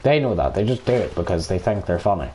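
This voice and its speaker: An Irish man with a lowish, dark and mellow voice rants through casual gaming chat. He swears constantly and keeps talking while he plays, with a faint hiss of noise under him. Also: animated, fast talker. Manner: profane, ranting, talks over gameplay. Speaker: streamer.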